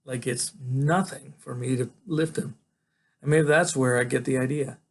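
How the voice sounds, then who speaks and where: A man, a teacher, reading a novel aloud in a relaxed, conversational storytelling way. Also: medium pitch, normal speed, vocal fry, a little hiss or hum.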